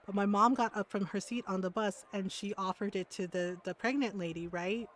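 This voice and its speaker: A woman streaming a game from home at a desk mic, telling a story in casual chat, animated and laughing as she acts out the people in it. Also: medium pitch, a little fast, a little hiss or hum.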